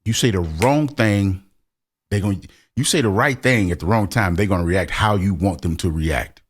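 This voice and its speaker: A man's voice: low voice, fairly quick. A middle-aged man co-hosting a podcast, talking emphatically and expressively in casual chat. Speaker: podcast co-host.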